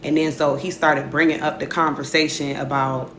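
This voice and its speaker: A woman's voice: deep voice, little pitch movement, moderate pace, fairly bright tone, slight background noise. A young woman telling a casual storytime, slangy and loose, filling her speech with "like" and "whatever".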